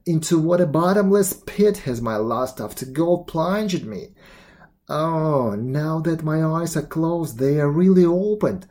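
A man's voice: fairly high pitch, expressive, measured pace, dark tone. A man voicing a greedy beggar-to-be in a storybook, speaking in a raised, emphatic, pleading tone. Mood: anguished. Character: greedy, desperate man pleading, later remorseful.

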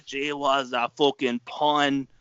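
A man's voice: mid-range voice, little pitch movement, slow pace, a bit bright, clean tone, no room sound, dull audio. A man co-hosting a wrestling podcast in casual chat, profane and rambling. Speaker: podcast co-host.

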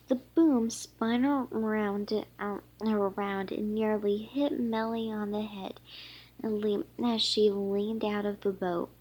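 A woman's voice: mid-range voice, steady tone, slow pace, darkish tone, poor audio. A woman reading a children's book aloud, stumbling and restarting often. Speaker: reader.

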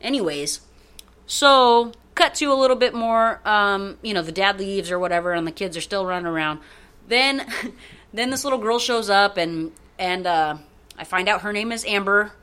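A woman's voice: medium pitch, moderate pace, smooth. A woman co-hosting a podcast, rambling through a story in casual chat and swearing freely. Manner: profane, rambling, animated. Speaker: podcast co-host.

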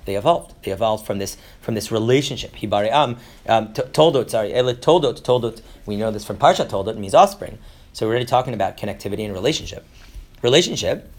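Gravelly man teaching with many restarts. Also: mid-range voice. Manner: rambling, many restarts and fillers; mixes Hebrew terms into English. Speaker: Torah teacher. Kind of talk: informal lecture.

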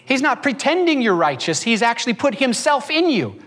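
A man's voice: extremely high pitch, big pitch swings, moderate pace, fairly bright tone, slightly rough. A man preaching a sermon as a pastor, shifting his pace and acting out quoted voices as he goes.

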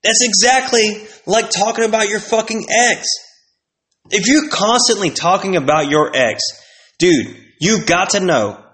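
A man's voice: sits high, lively intonation, a little slow, fairly bright tone. A man talking in a casual, profane monologue, rambling through rants and stories and acting out other people's voices. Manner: profane, rambling storytelling rant.

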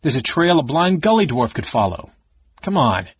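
A man reading an audiobook, voicing a blunt, hot-headed male warrior who speaks loudly and higher than his narration. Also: big pitch swings, moderate pace, husky, dry recording, highs cut off. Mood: exasperated. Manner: loud, blustering, raised.

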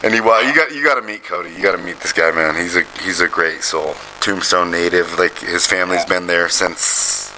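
Man, low bright voice, rambling storyteller on a casual podcast, faint noise behind. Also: a little fast, hardly any pauses, poor audio. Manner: rambling storyteller, swearing, laughing often. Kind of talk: casual chat.

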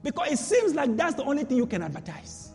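A man's voice: extremely high pitch, huge pitch swings, quick pace, a little mellow, big-room sound, soft background music. A man preaching a sermon with emphatic repetition and rhetorical questions.

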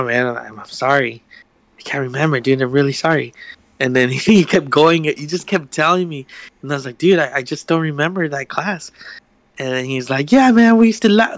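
Medium in pitch and a little bright, this young man's voice comes through a dry recording as he co-hosts a podcast. His storytelling in casual chat is rambling, full of swearing, with quotes acted out.

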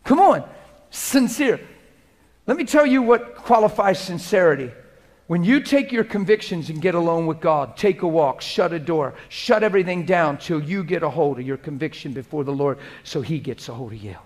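A man preaching a sermon as pastor, swinging between loud exhortation and hushed, conversational prayer. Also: fairly high pitch, lively intonation, a little fast.

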